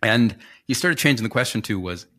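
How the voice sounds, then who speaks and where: A man's voice: medium pitch, a little fast. A man co-hosting a podcast, telling a story in casual chat, acting out what others said with joking asides. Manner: animated, acts out quoted voices, joking asides. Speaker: podcast co-host.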